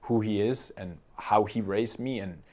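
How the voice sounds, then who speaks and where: A man's voice: lowish voice, measured pace, mellow. A young man telling a personal story to camera in an earnest way, often checking in with "okay?". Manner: earnest, with frequent "okay?" tag questions. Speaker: coach and entrepreneur.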